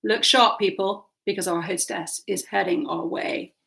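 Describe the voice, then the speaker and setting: A woman's voice: mid-range voice, steady tone, a little slow, creaky, a bit bright. Woman reading as a breezy, joking young man. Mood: jokey. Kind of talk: audiobook character voice.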